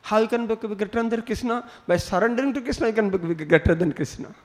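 Male preacher, high pitch, storytelling sermon. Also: fast, a little mellow. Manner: storytelling with acted quotes, non-native English phrasing. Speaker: spiritual teacher.

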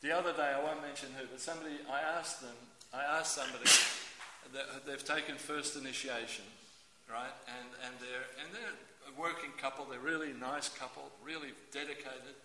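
A man preaching a sermon in a lively, theatrical way, acting out everyday scenes with voices. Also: mid-range voice, moderate pace, background noise. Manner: animated, acts out scenes with voices. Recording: echoey hall.

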